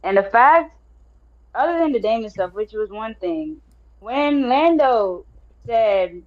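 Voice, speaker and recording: A woman's voice: fairly high pitch, lively intonation, dull audio. A woman panelist giving firm, opinionated takes on a TV show in casual chat. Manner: firm, opinionated, rushes ahead with repeats.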